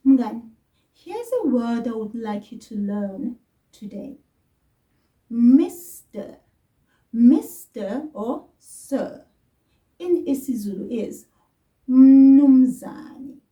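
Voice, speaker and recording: Slow woman teaching children. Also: on the high side, dark tone, distant mic. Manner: slow, careful, repeats words for the child to echo. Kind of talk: children's language lesson.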